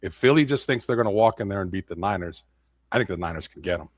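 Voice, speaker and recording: A man talking sports on a casual panel chat, emphatic and animated when he makes a point. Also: deep voice, quick pace, dry recording, clean studio sound. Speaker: guest co-host.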